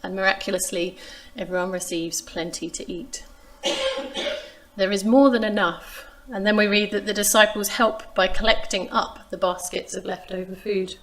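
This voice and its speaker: A woman preaching a sermon, retelling a Bible story in a measured, expressive way. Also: medium pitch, slight background noise. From England. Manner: measured, expressive reading of scripture.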